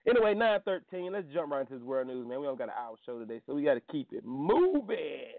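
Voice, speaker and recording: A man's voice: fairly high pitch, sing-song, fast talker. A man hosting a casual morning talk show, chatting loosely with slang and fillers about the news. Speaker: host. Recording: tinny phone-like sound.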